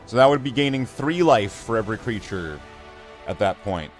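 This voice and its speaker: A man streaming a card game, rambling and talking himself in circles, often trailing off into low mutters. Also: animated, normal speed, soft background music. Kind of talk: casual gameplay commentary.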